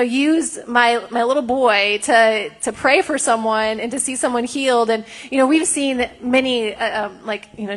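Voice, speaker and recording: A woman's voice: a little high, a bit bright. Earnest woman sharing church testimonies. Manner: earnest, rambling with many fillers. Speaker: house of prayer leader.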